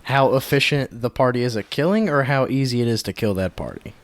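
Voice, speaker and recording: A man's voice: mid-range voice, fairly quick, dry recording. A man co-hosting a casual comedy podcast, playful and teasing. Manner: playful, teasing, bursts of laughter. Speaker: podcast co-host.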